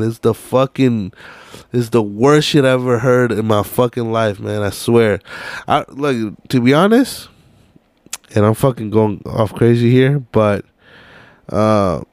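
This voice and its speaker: A man's voice: medium pitch, slow, a little mellow, clear, resonant tone, no room sound. A young man hosting a podcast, ranting casually and profanely while hunting for a video on his phone. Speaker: podcast host.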